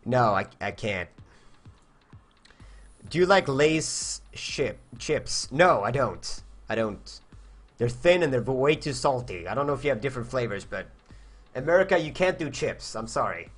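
A man's voice: medium pitch, animated, a little slow, soft background music. A young man from Sweden chatting casually on a live stream, answering viewer questions in a rambling way, searching for words and swearing.

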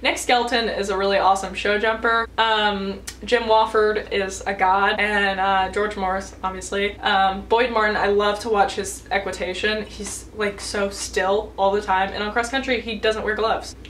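A woman's voice: medium pitch, little pitch movement, moderate pace, hardly any pauses, a bit bright, slight background noise. An eighteen-year-old American woman answering viewer questions in a casual vlog, bubbly and chatty, giggling between answers. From United States. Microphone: camera mic.

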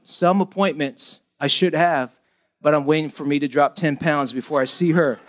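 Animated high-voiced male preacher. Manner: animated, acts out pleading voices in a high whine. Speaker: pastor. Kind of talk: sermon.

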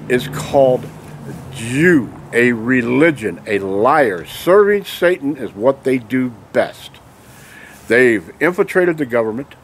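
A man's voice: medium pitch, expressive, slow, slight background noise. An angry man delivering a ranting monologue to his viewers, full of emphatic rhetorical questions and tag "okay?"s. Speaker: video blogger.

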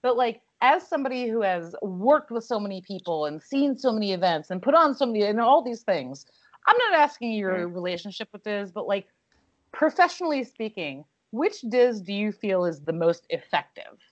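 A woman co-hosting a podcast, animated and outspoken, who swears now and then. Her voice sits at a middling pitch. The recording is a little dull. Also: moderate pace. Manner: animated, opinionated, with profanity and restarts. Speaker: podcast co-host. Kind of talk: casual podcast chat. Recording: slightly dull, muffled audio.

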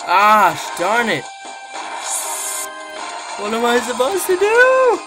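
A man giving gameplay commentary, excitable, shouting and squealing in reaction to the game. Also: extremely high pitch, slow, rough recording. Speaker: let's play gamer. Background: game music.

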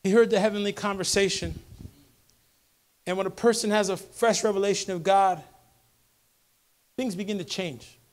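A man with a very high voice preaches to his congregation. He repeats lines in call-and-response fashion and swells to shouted peaks, speaking from a church service. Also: steady tone, moderate pace, long pauses. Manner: impassioned preaching that builds to shouted crescendos; repetitive call-and-response rhetoric. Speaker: pastor. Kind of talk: sermon.

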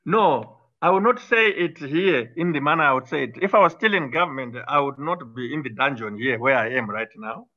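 A man's voice: mid-range voice, a little fast, few pauses, lo-fi sound. A middle-aged man, a former minister arguing combatively in an interview, with frequent fillers and restarts. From Zimbabwe. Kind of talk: political interview talk.

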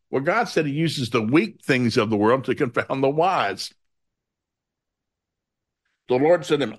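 A man's voice: medium pitch, animated, moderate pace. A man preaching through a Bible passage, reading it aloud and breaking off into folksy asides.

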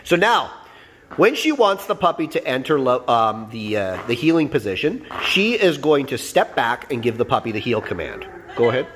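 Guy dog trainer explaining step by step, keeps asking "all right?", bouncy pitch. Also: sing-song, moderate pace, background noise. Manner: explanatory, coaching, frequent "all right?" and "okay?" check-ins. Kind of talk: instructional narration over demonstration.

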